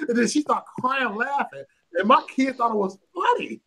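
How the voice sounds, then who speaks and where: A man tells rowdy, joking stories in a casual chat, his voice high and sharply bright. It leaps up and down as he goes, and he swears freely. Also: fast, breathy edge. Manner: loud, animated, joking storyteller who swears freely. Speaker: channel host.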